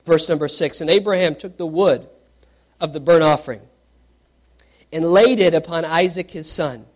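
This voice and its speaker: A man with a voice on the high side preaches at a normal speed, reading scripture aloud and questioning his congregation. He swings from loud, animated questions to hushed emphasis.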